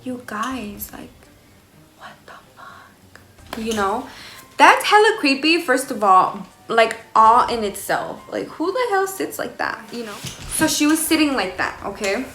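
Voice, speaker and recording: A woman's voice: a little high, measured pace, soft background music. Young woman telling a story, echoey room. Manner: animated, swears freely, slangy. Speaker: vlogger. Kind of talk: casual storytelling to camera.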